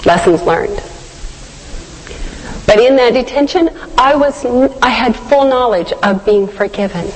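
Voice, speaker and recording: A woman's voice: a little high, expressive, measured pace, pauses often. A woman giving a devotional sermon, telling a personal story in an earnest, reflective way. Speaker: devotional speaker. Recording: long hall reverb.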